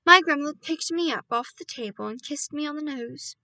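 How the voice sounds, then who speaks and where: A woman reading a children's novel aloud as an audiobook, telling the story in an expressive, animated way. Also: high-pitched, fairly quick, no echo, rough recording. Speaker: audiobook reader.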